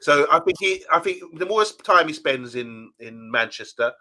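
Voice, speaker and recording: Bright-voiced man chatting on a livestream. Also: on the high side, expressive, moderate pace. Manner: chatty, reads out viewer comments. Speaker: co-host of a fan channel live show. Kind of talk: casual live-stream chat.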